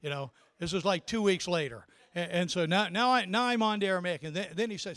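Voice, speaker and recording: Older man, pastor, sermon, high voice, dry close sound, storytelling, repeats himself. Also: normal speed, a bit bright, no echo. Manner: storytelling, repeats words and restarts often.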